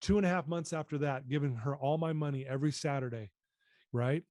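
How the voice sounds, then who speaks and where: A man's voice: a little high, a little fast, a little mellow, no room sound, studio quality. A man in his fifties telling his personal story as a podcast guest, earnest and emotional.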